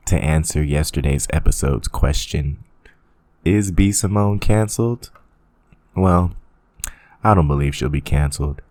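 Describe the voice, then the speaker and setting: Super deep-voiced guy ranting on his channel, sarcastic, laughing, cussing, dry close sound. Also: vocal fry, a little mellow, dry recording. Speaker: commentary channel host. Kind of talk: casual commentary rant.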